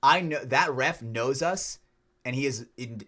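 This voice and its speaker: A man co-hosting a podcast, telling a story in a lively way with plenty of cursing. His voice sits in an ordinary middle pitch. His manner is loose and casual. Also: measured pace, crowd noise. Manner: animated storyteller, profane. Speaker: podcast co-host. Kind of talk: casual chat.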